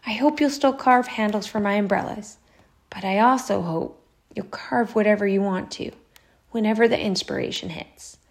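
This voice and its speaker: A woman reading a storybook aloud, voicing a kind, earnest shopkeeper father who speaks gently. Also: medium pitch, moderate pace, close to an everyday voice. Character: kind, proud middle-aged shopkeeper father. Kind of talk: storybook narration.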